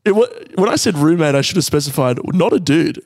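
A man's voice: on the high side, quick pace, no room sound. Aussie guy on a podcast, big swoopy voice, swears a lot, dry close sound. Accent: Australian. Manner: animated, swears freely, acts out shouting voices in stories. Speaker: podcast co-host. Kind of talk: casual storytelling chat.

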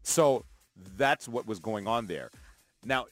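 Animated Canadian man, playful radio banter. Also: medium pitch, slow pace, faint music behind. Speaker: radio morning show co-host. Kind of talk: casual morning radio banter.

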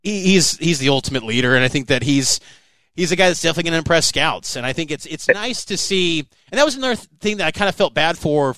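A man co-hosting a sports podcast, talking casually and emphatically about a college football game. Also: no room sound. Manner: animated, emphatic, pitch jumping up on key points. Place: on location, flew in for the game.

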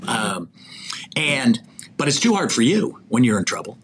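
An older man's medium-pitched voice swings widely in pitch as he speaks at a measured pace, sounding a bit bright. He's an executive recruiter guesting on a podcast, telling animated stories, acting out quotes, and chuckling mid-sentence, with a little hiss or hum in the audio.

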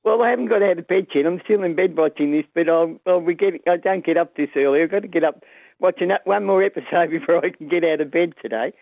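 Older nan on the phone line, gravelly, giggly and emotional. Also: female voice, lowish voice, fast, no room sound. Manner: chatty, laughs often, emotional. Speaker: radio caller. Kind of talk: casual phone chat.

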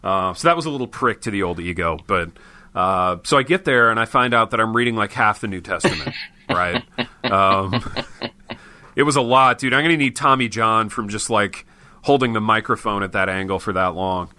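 A man co-hosts a casual podcast with a bright, forward voice, recorded dry and close with no room sound. He tells his stories in a loose, joking way, dropping "dude" often. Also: on the low side, normal speed, dry recording. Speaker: podcast co-host.

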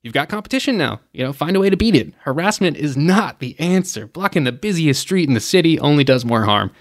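Slightly fast and expressive, a man with a highish voice hosts a travel news podcast recorded in a clean studio with no echo. He runs through the news casually, chatty and opinionated, adding commentary and lots of "you know" fillers.

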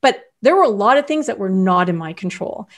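A middle-aged woman talking as a podcast guest, telling an animated story and acting out other people's lines. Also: mid-range voice, fairly quick. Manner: animated storyteller, acts out quoted voices. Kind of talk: casual interview chat.

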